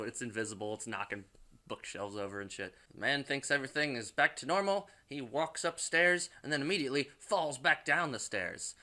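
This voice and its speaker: A man's voice: medium pitch, bright, forceful tone. A man casually recapping a movie plot, rambling and loose, with plenty of swearing. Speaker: movie reviewer.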